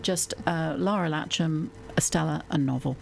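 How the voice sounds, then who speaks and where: A woman author speaks as a guest on a radio show, thoughtful and a little hesitant. Her voice is very low, with a gravelly fry. A faint hiss runs underneath. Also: moderate pace, darkish tone. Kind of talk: radio interview conversation.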